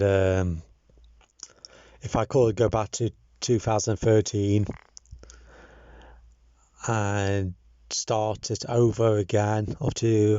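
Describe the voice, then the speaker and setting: Slow, hesitant man with a low voice. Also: warm tone, no room sound. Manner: hesitant, many ums and restarts, sincere. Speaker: campaign organizer. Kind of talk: casual thank-you video message. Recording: dull lo-fi sound, dry.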